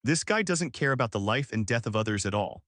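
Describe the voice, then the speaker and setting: A man narrating an audiobook as scripted narration, reading in a flat, even way. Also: medium pitch, fast, no echo, studio quality.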